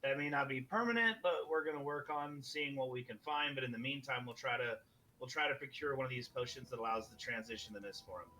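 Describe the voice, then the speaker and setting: A man's voice: mid-range voice, brisk, bright, forceful tone, slight background noise, rough recording. A man playing his character in a tabletop game, playful and mock-formal. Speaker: player.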